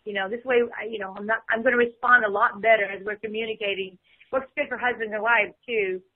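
A woman's voice: medium pitch, steady tone, fast. A woman in her fifties, a podcast guest speaking in casual chat, full of "you know" fillers. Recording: tinny phone line.

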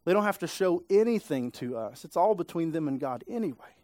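A male pastor preaches in a church sanctuary, fairly quick and on the high side, with lively intonation and a slightly mellow tone. His style is casual and conversational, full of tag questions aimed at listeners, on a dry recording.

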